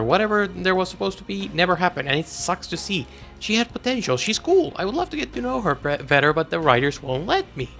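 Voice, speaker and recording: A man delivers video essay commentary on comics, his voice bright and fairly high for a man. He rants with exasperation, swinging his pitch widely for emphasis, over faint background music. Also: creaky. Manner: exasperated, animated ranting.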